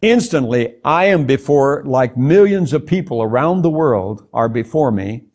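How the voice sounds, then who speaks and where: A man's voice: medium pitch, lively intonation, moderate pace, darkish tone. An older man, a guest preacher, telling a personal testimony in an interview, earnest and prone to stumbling over repeated words. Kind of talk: testimony in a talk show interview.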